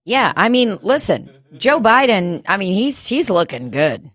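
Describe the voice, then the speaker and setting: A woman's voice: medium pitch, very animated, unhurried, a bit bright. A woman co-hosting a comedy podcast, chatting in a brash, profane, joking way. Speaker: podcast co-host. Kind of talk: casual comedy chat.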